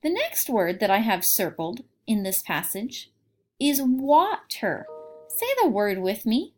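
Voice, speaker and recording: A woman teaching young children a phonics lesson, reading aloud and sounding out words clearly. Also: mid-range voice, big pitch swings, unhurried, a little mellow, faint music behind.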